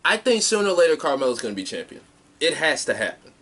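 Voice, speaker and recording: A man's voice: fairly high pitch, sing-song, fast, a bit bright. A man co-hosting a podcast, chatting casually through a wrestling recap and swearing now and then. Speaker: podcast co-host.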